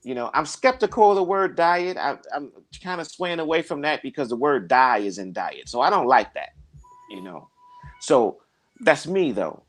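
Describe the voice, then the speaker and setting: A man with a lively, swooping voice talks in a casual chat, preaching and telling anecdotes. He acts out the voices of the people he quotes in them. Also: a little high, moderate pace. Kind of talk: casual conversation, storytelling.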